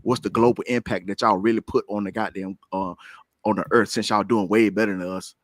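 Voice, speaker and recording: A man's voice: fairly low pitch, steady tone, brisk, no echo, clean studio sound. A man arguing in a heated online debate panel, blunt and profane, with many stammering restarts.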